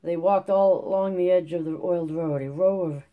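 An audiobook narrator reading a classic novel aloud at a steady pace, with occasional slips and restarts. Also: mid-range voice, normal speed, narrow, tinny audio.

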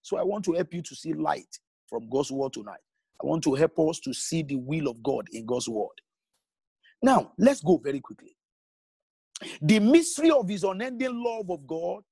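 A man preaching a sermon as pastor, emphatic, with big swings in pitch and pace and halting restarts when explaining. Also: darkish tone, husky, no echo.

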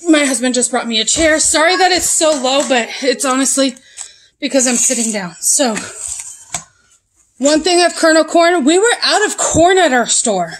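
A woman's voice: high voice, lively intonation, normal speed, slight background noise, low-quality recording. A woman vlogging a casual grocery haul at home, chatting as she lists each item one after another. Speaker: mom vlogger.

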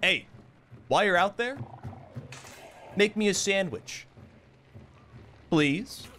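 A man streaming gameplay, excitable and mock trash-talking, with sudden shouts. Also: sits high, slow pace, a little hiss or hum. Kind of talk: live-streamed gameplay commentary.

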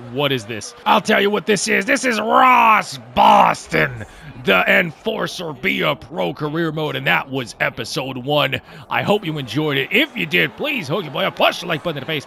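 A man hosting a gaming video, giving excitable, trash-talking gameplay commentary that swings between loud hype and low muttering. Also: vocal fry, a little hiss or hum.

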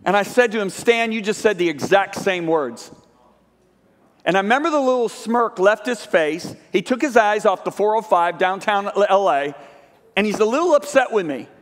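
A man's voice: sits high, normal speed. A man preaching a sermon to a church congregation, telling a story animatedly and acting out both sides of a conversation. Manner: animated storytelling, acts out dialogue. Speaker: guest preacher. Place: large church sanctuary. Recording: live church hall reverb.

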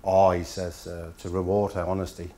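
A man's voice: deep voice, level tone, moderate pace, dark tone, a little hiss or hum. A middle-aged man from Denmark giving an after-dinner speech in a hotel function room, telling anecdotes with dry punchlines. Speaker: after-dinner guest speaker.

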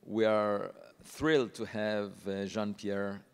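Man, conference host, low voice, hesitant with many fillers, long hall reverb. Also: flat delivery, slow pace, a little hiss or hum. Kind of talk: speaker introduction.

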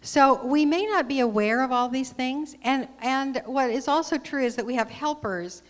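A woman's voice: high-pitched, normal speed. A woman speaking at a spiritual gathering, reading a story aloud in a conversational way into a handheld microphone. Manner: warm, conversational, with fillers. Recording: long hall reverb.

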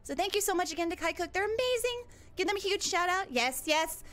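A bubbly, sweet young huntress girl chatting live on stream. Her high voice bounces all over the place, full of excited squeals. The delivery stays playful and animated throughout. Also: quick pace. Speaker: VTuber streamer. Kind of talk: live-stream chat in character.

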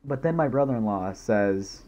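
A man's voice: mid-range voice, animated, moderate pace, dark tone. A young man, a gaming YouTuber, rambling goofily in casual commentary while he plays. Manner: goofy, rambling, jumps into silly voices.

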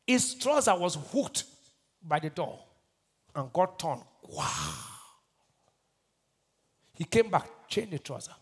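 High-voiced Nigerian man preaching. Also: wildly swooping pitch, slow, long pauses, breathy edge. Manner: call-and-response preaching, asks the crowd to finish his lines; swings between loud shouted bursts and low quiet asides. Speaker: pastor. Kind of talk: sermon.

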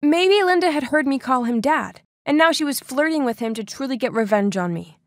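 A woman's voice: high voice, expressive, a little fast, no room sound, studio quality. A young woman narrating a dramatic first-person story with lots of exclamations.

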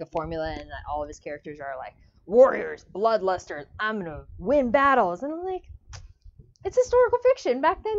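A woman's voice: fairly high pitch, slight background noise. A young woman reviewing a book in a casual vlog, gushing and emotional as she talks. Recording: dull lo-fi audio.

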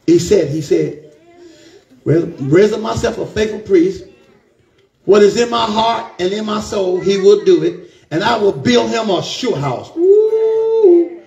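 A man preaches a fervent sermon with a high-pitched voice. His tone has a gravelly rasp, and he keeps calling out to his congregation. The sound echoes around a roomy church. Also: a little mellow, dull audio.

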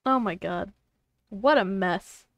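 A woman's voice: mid-range voice, slow pace, no echo, dull audio. A young woman streamer chatting casually to viewers, exasperated and swearing at her technical trouble. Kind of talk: casual live-stream chat.

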